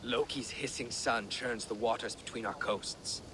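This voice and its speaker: A man's voice: medium pitch, fairly even intonation, unhurried, a bit bright, slight background noise, lightly acted. A man voicing a hearty Norse chieftain in a video game. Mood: festive.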